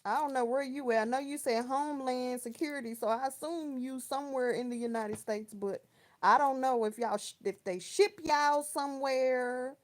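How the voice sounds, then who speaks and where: A woman's voice: high-pitched, moderate pace. A woman around thirty from Texas, chatting casually on a livestream, telling stories in slang and answering viewers by name. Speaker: live chat host. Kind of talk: casual livestream chat, reading viewer comments.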